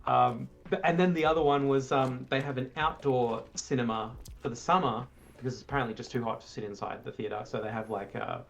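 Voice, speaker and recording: Brief: chatty male co-host, jumps into high voices while retelling scenes. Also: a little fast, vocal fry, few pauses, a little hiss or hum. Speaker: podcast co-host. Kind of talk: casual film review chat.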